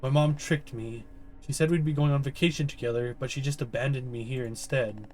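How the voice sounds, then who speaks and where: A man voicing a timid young boy patient who talks softly and apologetically. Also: mid-range voice, fairly quick, lightly acted. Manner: soft, apologetic, rambling.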